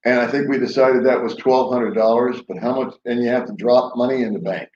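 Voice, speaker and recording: A man hosts a rambling late-night live stream from home in the Philippines, chuckling as he tells jokey stories. His mid-range voice is steady in tone, brisk, and a little mellow, with slight hiss or hum. The echoey room gives a dull, lo-fi sound.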